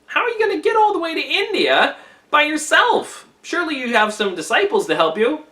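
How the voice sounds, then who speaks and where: A man voicing a knowing, helpful old woman in a raised, gently advising voice. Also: very high voice, wildly swooping pitch, fairly quick, recorded from a distance, voice pushed up, full character voice.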